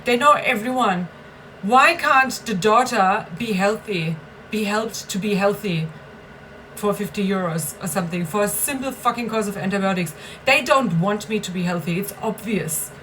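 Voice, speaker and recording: A woman's voice: a little high, a bit bright, a little hiss or hum, poor audio. A woman venting in a personal vlog, bitter and emphatic, swearing and repeating herself for stress. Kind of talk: agitated personal vlog rant.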